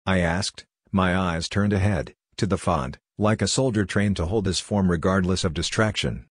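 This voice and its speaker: A man narrating a scripted horror story in a measured, solemn first-person telling. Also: low-pitched, dry recording, clean studio sound.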